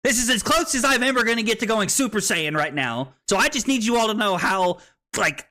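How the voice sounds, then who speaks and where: A tipsy male streamer hosts a tournament broadcast, loud and excitable, with a bright, cutting tone. His pitch swings wildly between low mutters and high yelps. He laughs often and swears freely into a streaming mic. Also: brisk. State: tipsy from drinking. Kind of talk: casual livestream commentary. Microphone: streaming microphone.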